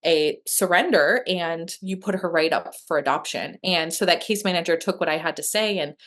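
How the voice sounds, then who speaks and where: At a moderate pace and in a lowish, slightly bright voice, a woman opens up as a guest about her adoption. Her conversational interview storytelling is candid and emotional, peppered with fillers and restarts.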